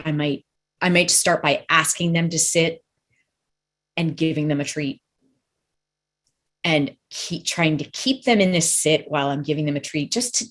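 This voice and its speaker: Low-voiced woman dog trainer. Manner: thoughtful, rambling, hedging. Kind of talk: casual interview chat.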